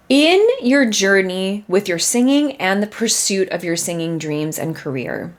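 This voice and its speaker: A woman who teaches singing, hosting a casual solo podcast, chatty and animated with frequent laughter as she acts out her students' doubts. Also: medium pitch.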